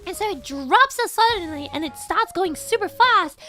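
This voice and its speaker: A young woman streamer tells a story in a very high voice with a bright, sharp edge. She talks in animated, casual chat and breaks into excited outbursts. Faint music plays under her voice. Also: normal speed.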